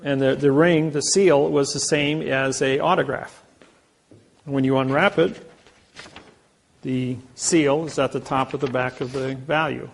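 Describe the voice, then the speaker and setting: A man's voice: medium pitch, steady tone, a little slow, vocal fry, a little hiss or hum. A man giving an informal seminar lecture, telling rambling anecdotes and acting out the dialogue himself. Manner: storytelling, acting out courtroom dialogue; rambling, self-correcting.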